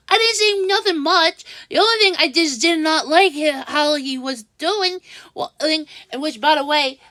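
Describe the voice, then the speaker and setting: A woman with a high voice talks straight into the camera, venting about a falling-out in an unhurried, upset ramble. She keeps breaking off and restarting her sentences. The sound is dry and close, with no room echo. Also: fairly bright tone. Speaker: vlogger. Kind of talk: casual venting monologue.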